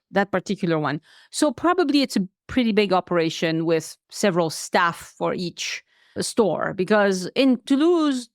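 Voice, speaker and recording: A woman's voice: a little high, no room sound. Woman hosting, dry sound. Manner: friendly, searching for words. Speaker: podcast host. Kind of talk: conversational interview.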